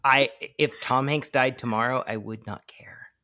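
A man co-hosting a film podcast at a middling pitch, giving blunt, opinionated takes. His talk is loose and casual, full of "um" and "like" as he works through his points. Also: steady tone, normal speed, sharp tone. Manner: blunt, opinionated, with many fillers. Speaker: podcast co-host. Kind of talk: casual film-review chat.

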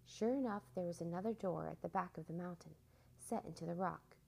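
Woman storyteller, low warm gravelly voice, storybook read-aloud. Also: a little fast, rough recording. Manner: expressive, animated storytelling.

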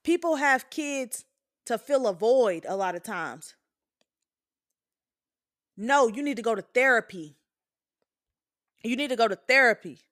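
Host, woman, 20s: candid, profane, emphatic monologue; slightly higher-pitched voice. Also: lively intonation, unhurried, long pauses, fairly bright tone. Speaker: podcast host.

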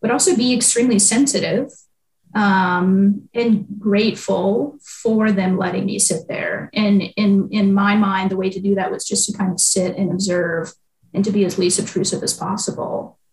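A woman's voice: mid-range voice, steady tone, normal speed, darkish tone. A young adult woman, a newspaper reporter, answering interview questions in a reflective way with frequent ums and likes. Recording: echoey room.

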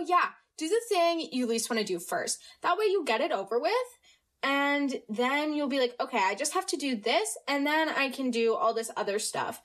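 A teenage American girl with a fairly high, slightly bright voice hosts a solo podcast. She chats casually about school, using lots of fillers and self-mocking asides.

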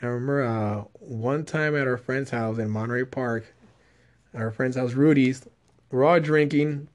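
A man's voice: medium pitch, measured pace, darkish tone. A young man telling a rambling, profane story in casual chat.

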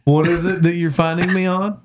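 A man's voice: high-pitched, level tone, fairly quick, a little hiss or hum. A man in casual podcast banter, teasing and arguing with his friends. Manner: teasing, argumentative. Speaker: podcast co-host. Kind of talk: casual chat.

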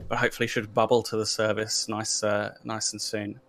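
A man's voice: lowish voice, flat delivery, fairly quick, fairly bright tone. A man who hosts a roleplaying podcast and runs games, talking casually with lots of ums and restarts. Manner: hesitant, many fillers and restarts. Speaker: podcast host and game master. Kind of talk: casual panel chat.

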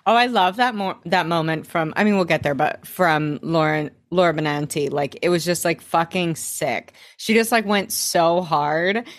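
A woman's voice: lowish voice, normal speed, few pauses. Rambling young woman podcast co-host. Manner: rambling, animated, swears and laughs often. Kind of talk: casual chat recapping a TV episode.

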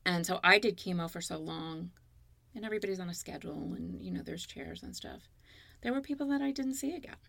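A woman in her fifties speaks as an interview guest, her low voice carrying a gravelly edge. She tells her story earnestly and openly, close to a dry-sounding mic. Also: a little fast, a bit bright, dry recording. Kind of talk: candid interview conversation.

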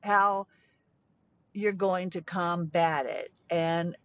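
A woman's voice: on the low side, steady tone, very slow, fairly bright tone, no echo. A middle-aged woman talking casually from inside a parked truck, rambling with restarts and small laughs. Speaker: podcast host. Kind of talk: casual monologue. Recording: dull lo-fi sound.

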